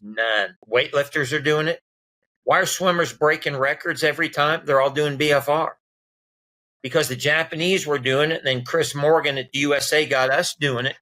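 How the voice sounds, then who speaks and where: A man, a doctor guest on a podcast, talking casually and telling animated stories that act out the dialogue. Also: fairly high pitch, moderate pace, rough recording. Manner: animated storyteller acting out dialogue.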